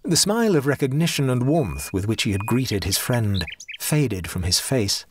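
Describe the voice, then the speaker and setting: A man reading a ghost story aloud in a measured, expressive audiobook style. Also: background noise. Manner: measured, expressive reading that drops low for speech tags. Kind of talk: audiobook narration.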